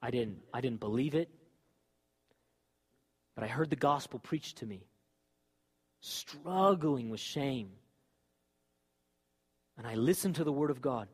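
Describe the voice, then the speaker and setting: A man preaching a sermon with fervor, moving from loud exhortation to quiet, confessional talk. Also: mid-range voice, lively intonation, slow pace, pauses often, slightly rough.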